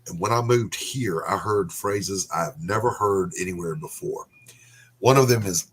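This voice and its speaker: A middle-aged man from the South, hosting and telling jokey, animated stories. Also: low voice, measured pace, breathy edge, rough recording. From Southern United States. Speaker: podcast host. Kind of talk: casual chat.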